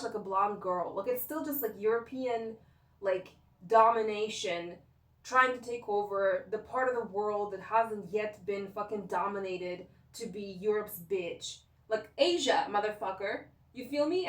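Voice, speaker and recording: A woman's voice: medium pitch, normal speed. Young woman, vlogger; rambling, emotional, full of fillers; distant mic, echoey room. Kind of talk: casual personal rant to camera.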